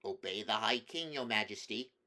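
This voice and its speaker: A man reading a storybook aloud and voicing a weary, grumbling male dwarf soldier who bursts into quick, impatient complaints. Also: fairly low pitch, animated, bright, forceful tone.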